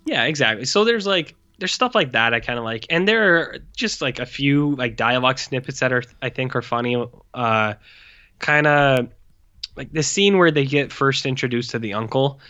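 A man's voice: medium pitch, lively intonation, normal speed, bright, forceful tone, dry recording, dull audio. A man co-hosting a podcast, chatting casually about a movie in a rambling way full of fillers and acted-out quotes. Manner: rambling, filler-heavy, acts out quoted lines. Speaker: podcast co-host. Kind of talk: casual movie review chat.

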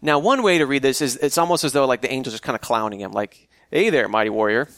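A man's voice: medium pitch, expressive, fast, fairly bright tone, no echo. A man preaching a sermon in a conversational way, often restarting his phrases as he works through a Bible story. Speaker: pastor.

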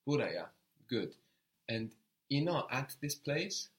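A man's voice: mid-range voice, very animated. A man teaching a language lesson, patient and encouraging, prompting a student step by step. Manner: patient, encouraging, slow and deliberate.

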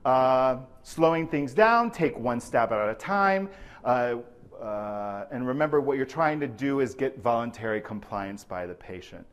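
A man giving a live lecture to healthcare providers, animated and often checking in with the audience by asking "right?". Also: mid-range voice, a little slow, clear, resonant tone. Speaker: presenter at a clinical training.

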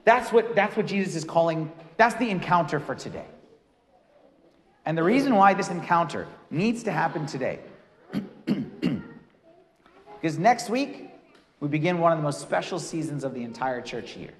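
A man, a priest, giving a lively, conversational sermon with casual asides in a church. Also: a little high, moderate pace, pauses often, in a large hall.

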